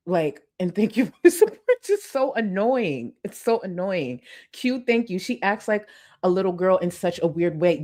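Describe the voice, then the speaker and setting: A woman's voice: medium pitch, animated, moderate pace. A young adult woman doing blunt, sarcastic reaction commentary, swearing freely as she talks back to a clip. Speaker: commentary YouTuber reacting to a livestream.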